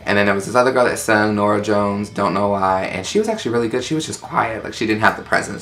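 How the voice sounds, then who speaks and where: A young man telling a story in casual chat, sassy and animated, acting out quotes in high voices. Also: fast talker, hardly any pauses, soft background music.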